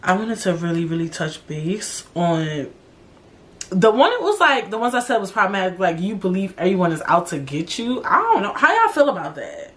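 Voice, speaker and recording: A woman's voice: medium pitch, moderate pace. A young woman hosting a solo podcast, talking casually and bluntly, with a lot of swearing and slang. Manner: blunt, profane, animated, drawling slang. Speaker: podcast host.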